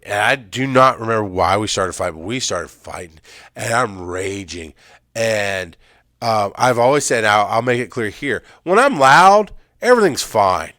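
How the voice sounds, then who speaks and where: A man's voice: mid-range voice, a bit bright, no room sound, clean studio sound. A middle-aged man, an EMS worker, candidly telling a painful personal story in an intense, emphatic way, often repeating phrases.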